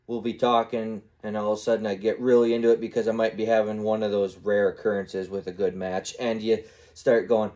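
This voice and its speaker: Low-voiced man rambling on his podcast. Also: flat delivery, brisk, a little mellow. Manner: rambling storyteller who acts out little voices and sound effects. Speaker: podcast host. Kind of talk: casual solo podcast monologue.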